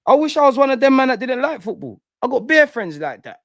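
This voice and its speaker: A man's voice: extremely high pitch, very animated, fast, a bit bright, dry recording, studio quality. A young man hosting a live fan show, ranting with passion, repeating himself and using slang. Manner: impassioned, repetitive, slangy ranting. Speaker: fan channel host. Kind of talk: emotional fan rant to live stream.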